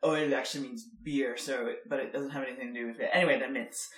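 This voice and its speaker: A woman's voice: rumbling low, fairly even intonation, fast talker, roomy sound. A young woman from Germany co-hosting a podcast, chatting casually with lots of fillers and laughter. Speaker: podcast co-host. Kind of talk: casual chat.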